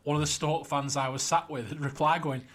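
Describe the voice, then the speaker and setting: A young man, co-hosting a podcast, trading wry banter and quick jokes. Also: a little high, steady tone. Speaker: podcast co-host. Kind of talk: casual chat.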